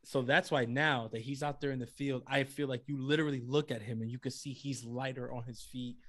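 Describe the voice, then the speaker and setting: A man co-hosting a casual sports podcast, talking in an animated way, swearing casually and laughing often. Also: mid-range voice, a little fast. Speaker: podcast co-host.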